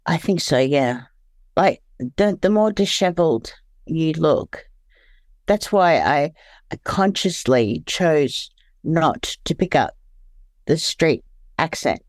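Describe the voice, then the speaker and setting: An Australian woman telling her story candidly as an interview guest, halting and searching for words, often restarting. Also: low-pitched, animated, no echo.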